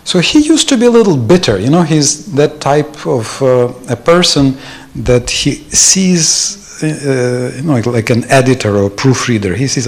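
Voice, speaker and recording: A man's voice: mid-range voice, big pitch swings, normal speed. A man giving an informal, anecdotal devotional talk at a temple, chuckling often as he speaks. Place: temple hall.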